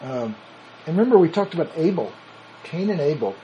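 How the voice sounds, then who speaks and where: A man's voice: fairly high pitch, big pitch swings, a little fast, warm tone, lo-fi sound, slight background noise. A man teaching a sermon on scripture in a conversational way, reasoning aloud and restarting his sentences. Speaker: Bible teacher.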